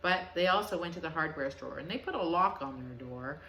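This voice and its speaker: A woman telling a children's story in an animated, expressive way. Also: low-pitched, brisk, slight background noise. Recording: echoey room.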